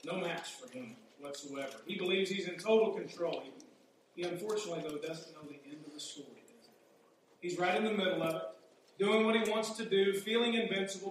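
A man's voice: high-pitched, fairly quick. Male preacher in an echoey hall. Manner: conversational, asks rhetorical questions. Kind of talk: sermon. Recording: echoey hall, mic far off, faint hum.

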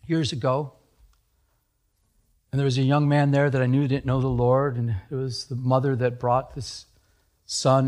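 A man preaching a sermon, telling personal stories in a chatty, animated way. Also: mid-range voice. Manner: animated, chatty, laughs at his own jokes. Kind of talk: sermon storytelling.

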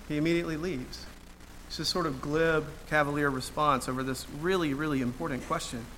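A man delivers a sermon in a bright, forceful voice that sits a little high. He talks conversationally, with plenty of ums and restarts, and drops dry jokes. Faint noise hums behind him. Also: steady tone, fairly quick. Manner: conversational with frequent fillers and restarts; dry humor. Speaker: preacher.

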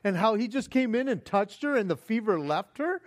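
A man's voice: high-pitched, moderate pace. A male pastor preaching a sermon, acting out panicked pleas and laughing often between points. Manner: animated, acts out panicked pleas with frequent laughs.

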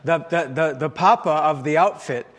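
A man's voice: a little high, normal speed, fairly bright tone. A man preaching a sermon as pastor, telling stories with many fillers and restarts. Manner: storytelling with frequent fillers and restarts. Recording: long reverb of a large hall.

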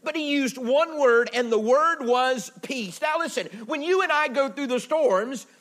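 A man with a strikingly high voice preaches a sermon in a church. He swings between loud, emphatic lines and near-whispers, then drops into folksy, chatty asides with the congregation. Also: a little slow. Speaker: pastor. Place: church building.

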